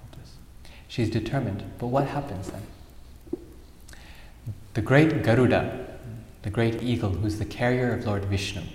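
A man's voice: fairly low pitch, moderate pace, darkish tone, slight background noise. A man giving a spiritual talk, animatedly telling a fable and sprinkling in Sanskrit terms. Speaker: spiritual speaker. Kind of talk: sermon with storytelling. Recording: echoey hall with long reverb.

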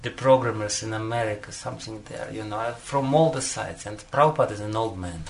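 Male spiritual teacher with a low, gravelly voice, storytelling in a devotional talk, warm chuckles throughout. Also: fairly quick, a little hiss or hum. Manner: chuckles often, peppers speech with "you know".

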